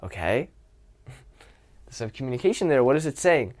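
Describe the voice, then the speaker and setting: Casual, expressive man coaching. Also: mid-range voice, moderate pace. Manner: casual and expressive, swears often. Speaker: dating and social skills coach.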